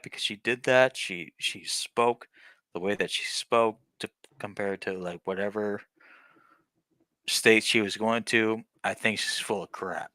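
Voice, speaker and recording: Bright, low-voiced male host. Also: smooth, no echo. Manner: halting, repeats words as he thinks. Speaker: livestream host. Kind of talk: casual live chat.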